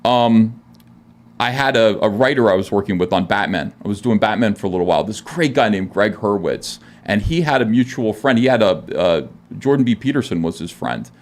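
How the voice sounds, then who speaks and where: A man's voice: lowish voice, animated, a little fast. A man, a comic book artist and podcast guest, telling a personal story casually with many filler words and restarts, earnest and self-deprecating.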